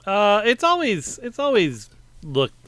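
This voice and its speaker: Cartoon guy, man voicing, bright, crisp tone, relaxed in-character podcast banter. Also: high-pitched, takes it slowly, dry recording, full character voice. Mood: amused. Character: cartoon man from a drawn world, easygoing.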